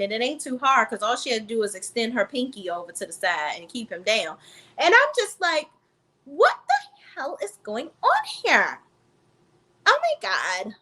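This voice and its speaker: A woman with a slightly high, quick voice that swings widely in pitch and has a sharp edge reviews reality TV in a casual, blunt, profane commentary vlog. She speaks right to her viewers, calling them "sis" and "y'all."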